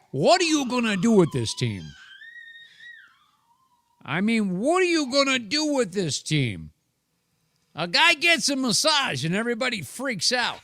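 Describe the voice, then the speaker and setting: A man hosting a live football talk show, rambling and teasing in a theatrical way, with drawn-out asides. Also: high-pitched, a bit bright. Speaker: sports show host.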